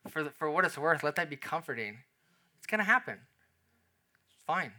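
A man preaching a sermon as pastor, animated and conversational, acting out little scenes in quoted voices. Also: a little high, normal speed.

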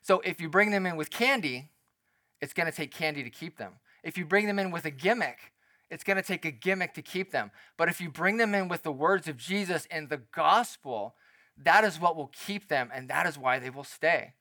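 A man preaching a sermon as a pastor, speaking in a conversational, animated way and acting out the quotes he tells. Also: on the high side, normal speed, no room sound.

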